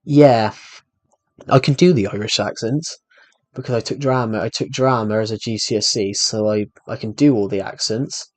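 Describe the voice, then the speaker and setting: A man's voice: lowish voice, moderate pace, no room sound. A young British man giving casual, rambling gameplay commentary as he answers live chat, self-deprecating and full of restarts. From Britain. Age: young adult. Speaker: gaming streamer. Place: room at home.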